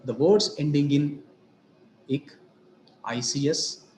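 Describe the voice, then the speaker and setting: A man giving a grammar lesson on word stress, speaking slowly and deliberately and repeating example words. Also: on the high side, a little mellow, echoey room, a little hiss or hum. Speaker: English teacher.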